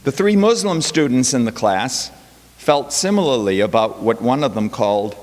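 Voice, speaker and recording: Long hall reverb surrounds this chapel talk at a college, where a male professor invited to speak shares a classroom tale with wry quoted asides. His mid-range voice is animated and moves at a normal speed.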